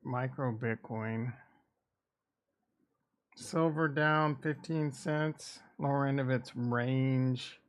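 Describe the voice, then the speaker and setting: A man's voice: medium pitch, fairly even intonation, drawn-out words, pauses often. A man from the American Midwest, casually streaming about markets, rambling and irreverent as he thinks aloud. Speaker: crypto and stock market streamer. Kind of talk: casual livestream chat.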